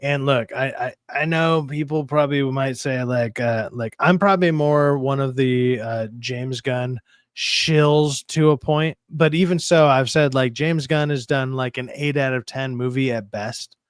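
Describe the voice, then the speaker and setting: A man's voice: mid-range voice, a little slow, smooth, dry recording, studio quality. A man hosting a stream chat, telling stories casually with lots of swearing and animation. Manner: profane, animated storytelling. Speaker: stream host.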